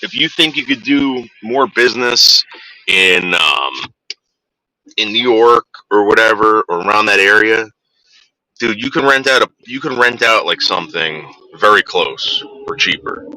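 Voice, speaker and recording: A man's voice: lowish voice, unhurried, bright, forceful tone, dry recording, poor audio. A man hosting a casual livestream, chatting with his viewers and teasing them in a rambling way. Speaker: livestream host.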